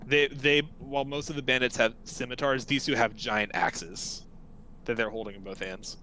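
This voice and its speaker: A man's voice: mid-range voice, level tone, moderate pace, sharp tone, a little hiss or hum, poor audio. Casual man narrating a tabletop game. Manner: loose, casual, with restarts. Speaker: game master.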